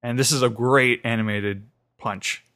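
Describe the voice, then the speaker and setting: A man with a middle-of-the-road pitch talks casually on a podcast, retelling an episode. He rambles through it with many fillers, restarts and asides. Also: fairly even intonation, unhurried, bright, forceful tone. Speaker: podcast co-host. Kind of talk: casual recap chat.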